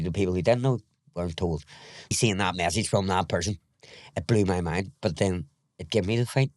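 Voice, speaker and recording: A middle-aged man from Northern Ireland, guesting on a podcast, tells his story frankly in a very low, slightly mellow voice. He rambles, swears now and then, and acts out old conversations in dialogue, and the recording is close and dry with no echo or room sound.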